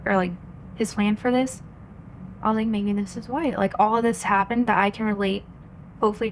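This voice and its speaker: An earnest young woman in her twenties, a guest on a podcast, tells her personal faith story in a casual, chatty way. She fills her speech with "like" and keeps quoting what she thought at the time. Her voice sits at an ordinary middle pitch. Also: slight background noise. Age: 20s. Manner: earnest, chatty, full of "like" and quoted inner thoughts.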